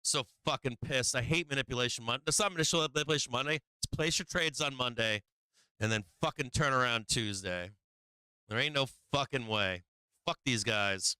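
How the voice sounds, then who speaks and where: A man's voice: mid-range voice, bright, forceful tone, clean tone, no room sound. Cursing, fed-up man streaming his trades. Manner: frustrated, swearing, venting, laughing to himself. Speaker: live stream trading host. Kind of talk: profane live trading stream chat.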